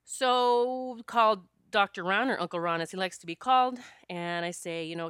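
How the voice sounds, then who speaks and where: Bright, crisp-voiced woman telling a story. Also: medium pitch, moderate pace, few pauses, no room sound, studio quality. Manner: earnest, conversational, with frequent restarts. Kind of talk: personal spiritual storytelling monologue.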